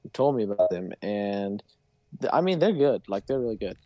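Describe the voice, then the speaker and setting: A man's voice: on the low side, sing-song, normal speed, mellow, dry recording. Playful young guy, bouncy voice, casual podcast chat. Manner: giggly, playful. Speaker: podcast co-host.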